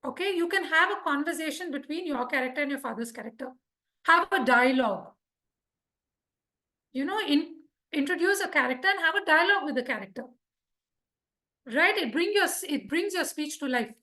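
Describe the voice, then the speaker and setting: A woman teaches public speaking to a live club, her voice high and bright with a husky edge. She keeps a lively, teacherly rhythm and keeps checking that her listeners follow. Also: moderate pace, pauses often. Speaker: Toastmasters speaker teaching speech craft. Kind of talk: live instructional talk to a club.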